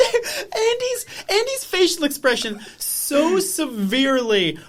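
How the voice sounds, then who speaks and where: A man's voice: extremely high pitch, huge pitch swings, slow pace, fairly bright tone. Profane, rambling male podcast co-host. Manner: rambling, heavy on fillers like "like", swears freely. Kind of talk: casual comedic chat recapping a TV episode.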